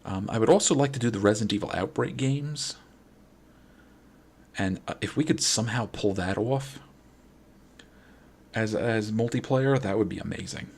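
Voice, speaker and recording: A man's voice: lowish voice, normal speed, vocal fry, pauses often, a little mellow, slightly rough. A man from New York with a New York accent, chatting casually and rambling with his stream viewers late at night. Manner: rambling, friendly, many restarts. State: late-night, a little wired. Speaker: game streamer.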